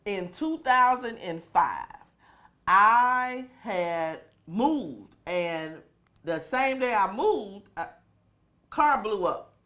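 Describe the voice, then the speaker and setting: Animated woman telling a comic story. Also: medium pitch, drawn-out words. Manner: animated storyteller, acts out quoted voices. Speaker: comedian guest. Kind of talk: casual storytelling chat.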